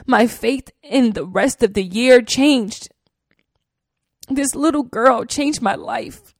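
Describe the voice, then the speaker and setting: A woman's voice: on the high side, takes it slowly, dry recording. A woman hosting a podcast, telling a heartfelt personal story in an earnest way, with many fillers and repeated phrases, on a close mic. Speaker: podcast host.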